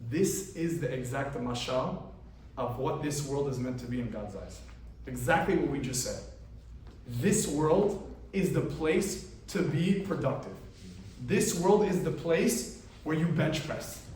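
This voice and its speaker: Male rabbi preaching in a large hall: animated, conversational delivery with a fairly high voice, picked up from far off with heavy echo. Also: unhurried, slight background noise. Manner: animated, conversational storytelling with asides to the audience. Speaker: rabbi teaching a weekly class. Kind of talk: storytelling sermon.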